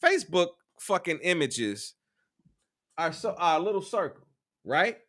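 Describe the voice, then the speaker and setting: Lively, bright-voiced man chatting casually. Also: high voice, unhurried, dry recording, studio quality. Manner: animated, profane, repeats himself a lot. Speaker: co-host. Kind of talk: casual podcast chat.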